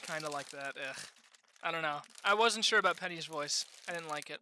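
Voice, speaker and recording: A woman's voice: low voice, brisk, sharp tone, slight background noise. A woman streamer reading a game aloud and chatting casually with viewers, offhand and unsure.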